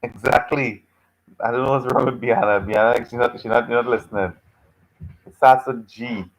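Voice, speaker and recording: A man's voice: medium pitch, fairly even intonation, moderate pace, rough recording. A man teaching a live online class, reacting to students' chat answers in a patient, teasing way and repeating his phrases several times. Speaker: lecturer.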